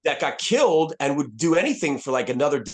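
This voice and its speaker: A man's voice: fairly high pitch, sing-song, brisk. A man in his fifties, a retired soldier speaking as a podcast guest, telling his story candidly in a blunt, profane way with many restarts. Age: 50s.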